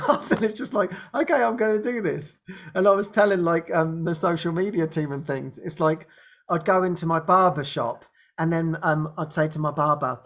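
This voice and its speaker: A male host of a spiritual talk show recounts a personal story in a loose, chatty way. He laughs freely and slips into the voices of the people he quotes. His telling is lively and unscripted. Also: high voice. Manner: animated, laughs often, acts out quoted dialogue.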